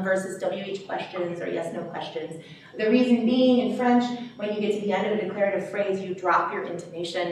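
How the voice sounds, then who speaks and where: A woman's voice: medium pitch, darkish tone. A woman sociolinguist giving an explanatory lecture, talking it through with frequent ums. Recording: very echoey room, distant mic, faint noise.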